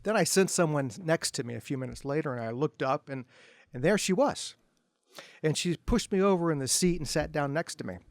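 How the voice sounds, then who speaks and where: A middle-aged man, an author, telling self-deprecating anecdotes to an audience at a bookstore event in a relaxed, humorous way. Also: a little high, fairly quick, gravelly, no echo. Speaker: author speaking at a book event. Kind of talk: humorous storytelling talk to an audience.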